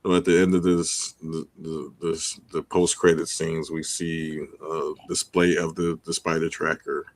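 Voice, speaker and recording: Co-host, a man with a very deep voice, calm and explanatory, dry close mic. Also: unhurried, few pauses, dry recording. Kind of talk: casual podcast chat.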